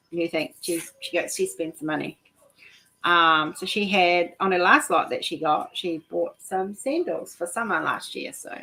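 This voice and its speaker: A woman's voice: on the low side, bright, forceful tone, low-quality recording. A woman hosting a casual chat while she works on a craft, talking in a rambling way with many restarts, nauseous. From New Zealand. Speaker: host of a craft chat stream.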